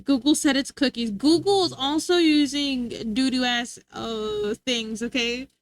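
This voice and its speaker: A woman's voice: high-pitched, a little slow. A woman streaming live and chatting casually with her chat, playful and teasing, laughing often.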